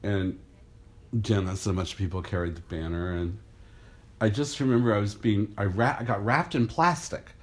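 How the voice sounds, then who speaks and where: An older man, an artist, telling an animated anecdote and acting out the crowd's voices with gasps. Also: on the low side, moderate pace. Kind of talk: storytelling anecdote.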